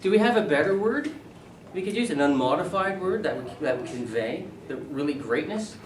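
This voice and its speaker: A middle-aged man, a university English professor, leading a classroom seminar, animated and quizzing his students. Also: on the high side, normal speed, slight background noise. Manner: animated, asks the class questions and repeats their answers. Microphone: camera at a distance. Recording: echoey room, voice from far off.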